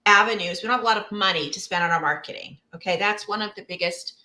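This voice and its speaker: A woman's voice: mid-range voice, quick pace, bright, forceful tone. A woman co-hosting a casual podcast chat, giving business advice in an emphatic coaching tone. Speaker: co-host. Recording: roomy echo.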